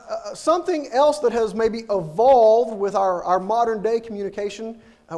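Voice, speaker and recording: Pastor guy with a high voice giving a sermon in church, earnest, repeats himself a lot. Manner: earnest, repeats words while building a point. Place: church sanctuary.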